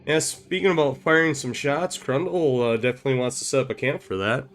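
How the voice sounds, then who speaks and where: A man hosting a gaming session, chatting casually and easygoing, quick to laugh. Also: medium pitch, fairly bright tone, soft background music. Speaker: channel host, gamer.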